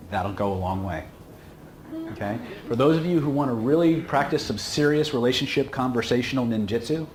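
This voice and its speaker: A man teaching a seminar in a casual, emphatic way, often pausing to check in with "okay?". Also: medium pitch, a little mellow. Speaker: instructor. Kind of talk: seminar lecture. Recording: echoey room with faint hum.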